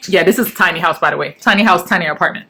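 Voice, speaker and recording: A woman, sharing an emotional faith testimony at home while packing, fast in bursts and then soft. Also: on the low side, creaky, breathy edge. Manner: earnest, emotional, talks fast in bursts and then goes quiet. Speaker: faith vlogger. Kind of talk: personal testimony vlog.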